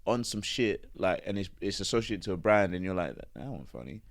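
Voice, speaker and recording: A man who is a comedian guest on a podcast, chatting casually in an animated, slangy way, full of "like" and "bro". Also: sits low, brisk, no room sound, clean studio sound. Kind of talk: casual chat.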